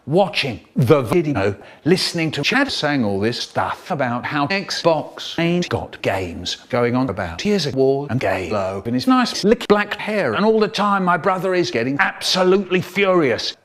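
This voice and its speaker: A man narrating a comic first-person story in an animated, exaggerated way. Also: fairly high pitch.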